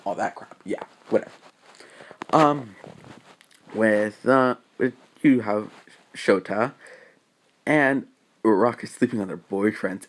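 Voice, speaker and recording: Man narrating an improvised fan story, halting and rambly. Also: lowish voice. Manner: rambling, halting, frequent fillers.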